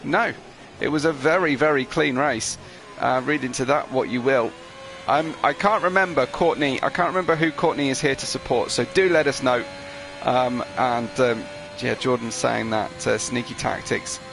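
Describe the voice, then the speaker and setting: With music playing behind him, this commentator talks at a moderate pace in a creaky, medium-pitched voice. He chats through an online racing qualifying session, reading viewer messages and leaning on fillers.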